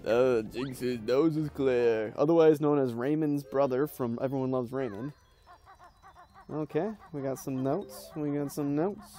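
A man's voice: mid-range voice, warm tone. A young man casually commenting while playing a video game, rambling and laughing through stories with lots of fillers. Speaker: let's play host.

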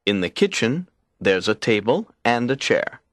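A man reading textbook exercise instructions and a short factual passage slowly and deliberately. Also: lowish voice, sing-song, fairly bright tone, no echo, studio quality. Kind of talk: scripted lesson reading.

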